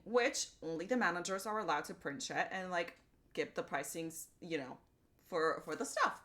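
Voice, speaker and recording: A woman streamer chatting casually and telling stories in an animated, profane way. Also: on the low side, normal speed. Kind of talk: casual livestream chat.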